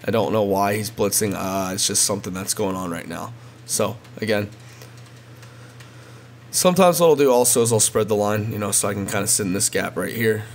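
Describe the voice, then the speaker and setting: A man's voice: fairly low pitch, brisk, a little hiss or hum. A man casually walking viewers through a video game strategy, often repeating himself and calling them guys. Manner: repetitive, addresses viewers as guys. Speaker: gaming video creator. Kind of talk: casual gameplay tutorial.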